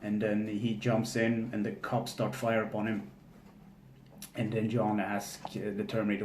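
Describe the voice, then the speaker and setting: This film recapper speaks on the low side, his stop-start delivery flat and cluttered with fillers and false starts. Faint room hum and echo sit behind his casual summary of the movie.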